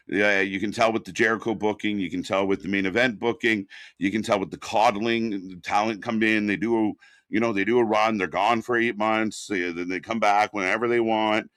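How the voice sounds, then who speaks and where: A man's voice: fairly low pitch, normal speed, a bit bright, no room sound, clean studio sound. A man hosting a casual wrestling talk show, ranting bluntly with plenty of swearing. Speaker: wrestling commentary host. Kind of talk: casual podcast chat.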